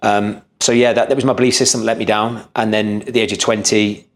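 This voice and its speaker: A man's voice: fairly low pitch, little pitch movement, quick pace. A man, a podcast guest telling his story earnestly, often restarting and repeating words. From England. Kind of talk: storytelling interview.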